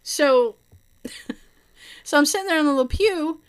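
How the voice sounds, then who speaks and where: A woman telling a long personal story in casual chat, animated, swearing and laughing often. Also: high voice, unhurried.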